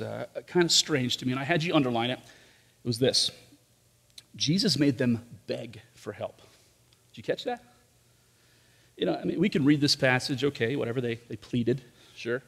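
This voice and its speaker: A man's voice: mid-range voice, vocal fry, a bit bright, slightly rough. A man preaching a sermon as pastor, talking conversationally with rhetorical questions and frequent asides to the congregation. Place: church service in a large room. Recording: long reverb of a large hall.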